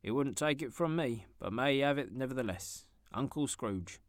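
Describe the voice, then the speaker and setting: A man's voice: mid-range voice, animated, moderate pace, no echo, studio quality, voice pushed up, close to an everyday voice. A man doing a hearty young party host. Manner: hearty, good-humoured.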